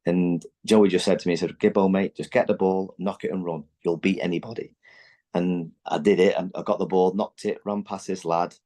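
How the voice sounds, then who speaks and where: A man in his forties, a former footballer, telling animated stories in a candid podcast chat and acting out what his teammates said. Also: low-pitched, normal speed. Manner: animated, acts out quotes from teammates; loose, chatty, many fillers and restarts.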